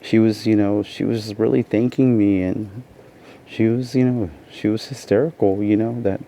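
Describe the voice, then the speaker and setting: A man's voice: fairly low pitch, fairly even intonation, moderate pace, gravelly, mellow. A tired man telling a personal story in a casual vlog, rambling and saying "you know" constantly. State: tired from lack of sleep. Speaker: vlogger. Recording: dull lo-fi sound with faint noise.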